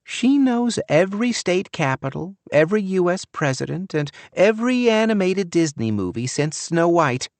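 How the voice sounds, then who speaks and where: A gushing middle-aged mother, voiced by a male narrator, chatters in a raised, lively voice. The audiobook read is dry and close-miked. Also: high-pitched, normal speed, few pauses, no room sound, voice pushed up.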